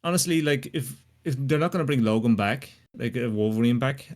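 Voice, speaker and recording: A man with a mid-range voice talks casually and without hurry. He hesitates and fills his pauses with 'uh' and 'like'. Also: mid-range voice, a little mellow. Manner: laid-back, hesitant with fillers. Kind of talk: casual chat.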